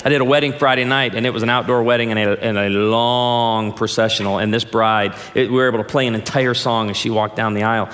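Playful pastor preaching in a big hall. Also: male voice, mid-range voice, steady tone, quick pace, few pauses, a bit bright. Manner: playful, addresses the audience directly, jokes then turns heartfelt. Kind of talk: humorous sermon storytelling. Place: large hall or church auditorium, before an audience. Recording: long reverb of a large hall.

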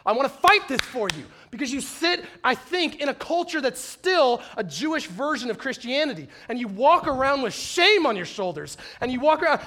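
Man, high voice, sermon, animated, conversational, impassioned preaching. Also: a little fast, few pauses. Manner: animated, swings from joking to loud impassioned preaching; conversational, acts out little dialogues. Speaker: pastor.

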